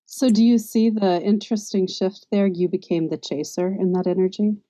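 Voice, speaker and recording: A woman hosting a podcast asks her guest gentle, probing questions. Her voice is mellow and mid-pitched. It is recorded dry and close. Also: steady tone, moderate pace, no room sound, poor audio. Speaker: podcast host. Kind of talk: interviewing a guest.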